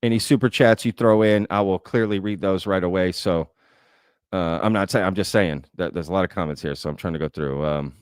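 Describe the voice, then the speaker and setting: Low-voiced man hosting livestream. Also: fairly quick, clear, resonant tone, dry recording, studio quality. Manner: conversational, thinking aloud with frequent "right?" and "um". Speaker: host. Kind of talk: livestream Q&A, reading chat comments.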